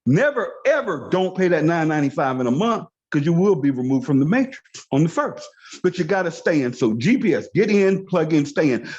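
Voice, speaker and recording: A man's voice: fairly high pitch, sing-song, a little fast, a little mellow. Emphatic man preaching over a lo-fi call. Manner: emphatic, preachy, repeats key phrases. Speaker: network marketing trainer. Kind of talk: motivational training talk on a video call. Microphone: video call. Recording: dull lo-fi call audio.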